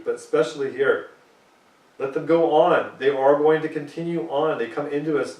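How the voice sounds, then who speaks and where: A man's voice: mid-range voice, a little mellow, reverberant, distant mic, rough recording. A man preaching a sermon, reading scripture aloud and pressing his points emphatically.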